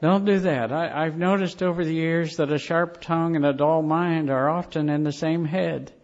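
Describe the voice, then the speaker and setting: A man's voice: a little high, steady tone, a little mellow. Earnest preacher man, lo-fi sound. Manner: earnest storytelling preacher, slow emphatic phrases. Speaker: pastor. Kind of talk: sermon. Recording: dull lo-fi recording.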